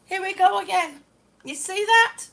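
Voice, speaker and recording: A woman's voice: very high voice, a little slow, vocal fry, bright, forceful tone. A woman live-streaming a complaint about damaged tiles at home, exasperated and sarcastic, swearing now and then. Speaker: vlogger. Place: home, indoors.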